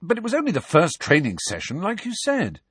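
A tired, loyal teenage boy who mutters, in a husky voice slightly above the reader's own, as a man puts him on. The sound is dry and close, and the pitch moves a lot. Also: wildly swooping pitch, a little fast, a bit bright, no room sound, full character voice. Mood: muttering. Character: loyal, weary teenage schoolboy.

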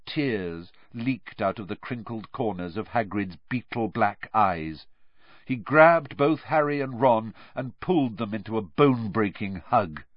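Expressive male audiobook narrator. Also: lowish voice, a little slow, dry recording. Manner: expressive, varied reading. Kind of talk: scripted storybook narration. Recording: dry, slightly dull audio.

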